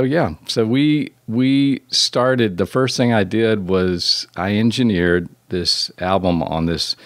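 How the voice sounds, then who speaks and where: Low-voiced man telling rambling stories. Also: no room sound. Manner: rambling, self-deprecating, restarts often. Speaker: guest record producer. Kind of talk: storytelling interview.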